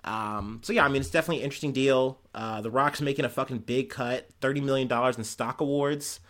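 A man's voice: medium pitch, fast, a bit bright. A man hosting a podcast, talking through news stories in a rambling, profane, heated way. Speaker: podcast host. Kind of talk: casual news commentary.

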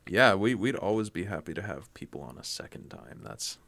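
A man with a fairly low voice hosts a podcast, chatting loosely with friends. His talk rambles, full of fillers and light jokes. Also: animated, a little fast, creaky, a bit bright, no echo. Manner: loose and jokey, heavy on fillers like "like". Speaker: podcast host. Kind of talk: casual chat.

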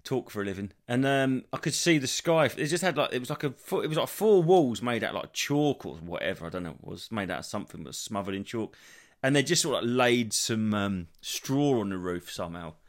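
A man's voice: mid-range voice, brisk. Solo podcast host, man, thirties, sweary meandering storyteller. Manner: rambling, sweary, animated storytelling. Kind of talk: solo rambling comedy podcast.

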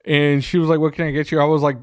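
A man co-hosting a podcast, telling a profane, animated story in casual chat. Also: on the high side, rapid-fire, clear, resonant tone, dry recording, studio quality. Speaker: podcast co-host. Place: small room.

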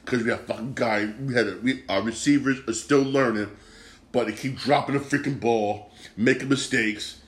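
A man's voice: medium pitch, normal speed. Swearing, frustrated male sports podcaster. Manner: frustrated, swears often, repeats himself. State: upset and disgusted. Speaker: podcast host. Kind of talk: casual sports rant.

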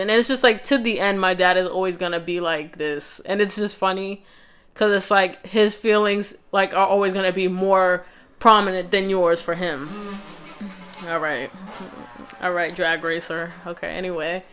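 A woman's voice: lowish voice, fairly even intonation, moderate pace, a bit bright, smooth. A young woman vlogger telling a personal story in a casual, conversational way, with lots of fillers and restarts.

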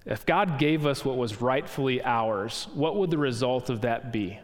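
A man's voice: mid-range voice, normal speed. A man preaching a sermon, earnest, posing rhetorical questions to the congregation. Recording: long hall reverb.

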